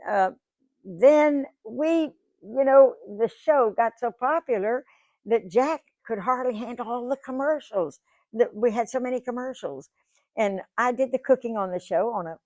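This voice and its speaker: A woman's voice: on the high side, unhurried, a little mellow, no echo, dull audio. A woman, telling stories to a live audience in a chatty, folksy way with many restarts. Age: 90s. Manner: chatty, folksy, repeats words and restarts often. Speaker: guest speaker, singer. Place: museum lecture room.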